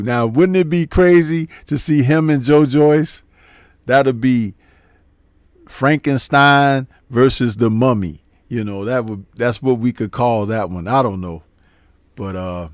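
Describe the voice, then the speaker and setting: A man's voice: medium pitch, no room sound. A man hosting a boxing show, giving casual post-fight commentary and reading out live chat, rambling and chuckling at his own jokes.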